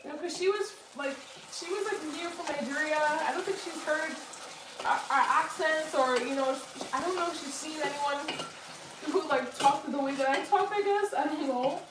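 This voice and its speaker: A woman's voice: high-pitched, moderate pace, noisy background. A young woman chatting casually to her viewers while cooking in her home kitchen, full of fillers and asides. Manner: chatty, many fillers, talks to viewers directly. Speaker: cooking vlogger.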